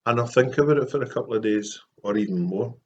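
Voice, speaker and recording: A Scottish man talking earnestly and softly to camera in a casual, heartfelt vlog, pausing often. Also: mid-range voice, muffled recording. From Scotland. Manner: soft-spoken and earnest, with frequent pauses and fillers. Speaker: Christian artist vlogger.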